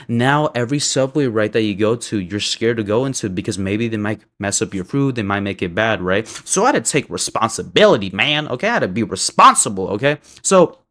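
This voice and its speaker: A young man with a voice of ordinary pitch tells a long personal story in a loose, rambling way. He swears freely and keeps checking in with "right?", jumping from heated outbursts to low, muttered asides. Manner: profane, rambling, constant "right?" tags; swings between heated bursts and low mutters. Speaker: storyteller vlogger. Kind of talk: casual storytime monologue.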